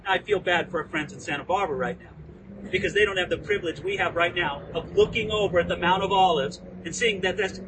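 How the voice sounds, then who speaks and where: A man teaching the Bible outdoors as a pastor, lively and acting out quoted lines. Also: high voice, fast, far from the mic, background noise. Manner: animated, acts out quoted lines. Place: outdoors within view of a landmark hill.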